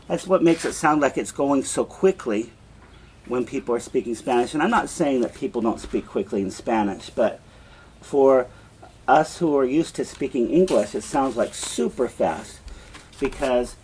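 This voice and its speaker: A man teaching a beginner language lesson in a classroom, patiently repeating example phrases slowly. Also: medium pitch, slight background noise. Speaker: Spanish teacher.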